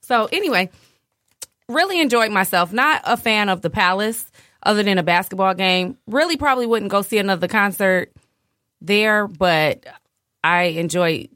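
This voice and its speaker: A woman co-hosting a podcast, animated and gushing in colloquial chat. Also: mid-range voice, moderate pace, no echo, clean studio sound. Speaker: podcast co-host. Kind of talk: casual chat.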